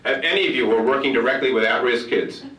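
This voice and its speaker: A man with a mid-range, fairly bright voice talks fast as he delivers a motivational keynote, telling a funny story and acting out the dialogue. He's in a large conference hall, and the recording sounds roomy, with the mic far from him.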